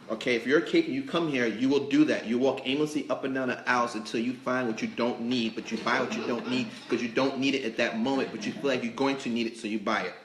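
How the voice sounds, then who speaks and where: A man hosting a casual interview, telling rambling, animated stories about the shop. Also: mid-range voice. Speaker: host. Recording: echoey store, faint noise.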